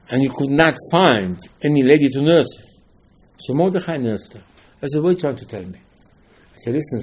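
Teaching a Torah class, a man tells the stories with lively acted-out dialogue, swinging suddenly between loud outbursts and quiet asides. His voice sits in the mid-range and has a breathy edge.

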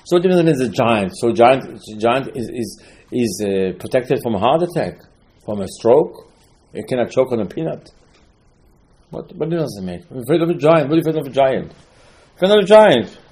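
Mellow-voiced man giving an animated Torah talk. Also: medium pitch, normal speed. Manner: animated storytelling with rhetorical questions and frequent restarts. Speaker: rabbi teaching Talmud. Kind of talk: informal Torah lecture.

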